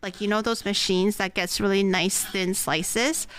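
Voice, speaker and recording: A young woman streamer chatting casually while cooking, telling animated stories and acting out what others said. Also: mid-range voice, a little slow, a little hiss or hum. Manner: animated storyteller, acts out quotes.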